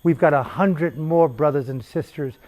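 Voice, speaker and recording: A man voicing an outraged male civil rights preacher, speaking slowly and with furious emphasis. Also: fairly high pitch, highs cut off, natural voice.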